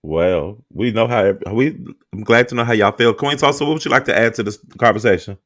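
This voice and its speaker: A man hosting and moderating a live stream discussion, calm and measured, calling on the guests in turn. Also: lowish voice, no room sound, clean studio sound.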